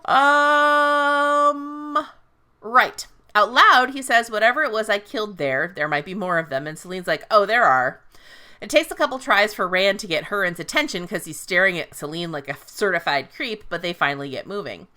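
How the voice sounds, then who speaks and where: This podcast host, a woman, breezes through a recap of a fantasy novel, cursing liberally and playfully, irreverently paraphrasing its characters. She speaks at normal speed in a mid-range, expressive voice that sounds pushed and bright.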